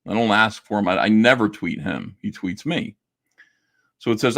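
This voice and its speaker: A man's voice: fairly low pitch, moderate pace, creaky, fairly bright tone. A middle-aged man, a comic artist and YouTuber, talking to camera in a casual monologue, blunt and indignant, swearing and stumbling over restarts.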